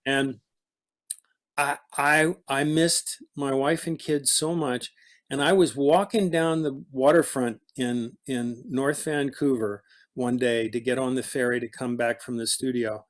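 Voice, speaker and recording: A middle-aged man, an actor guest in a casual conversation, telling stories in a halting, rambling way full of restarts. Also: medium pitch, fairly even intonation.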